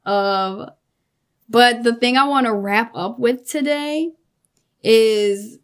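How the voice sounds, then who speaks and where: Casting: chatty woman vlogger, higher-pitched, laughs a lot, loose swearing. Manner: animated, laughs often, swears casually. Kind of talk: casual storytelling chat.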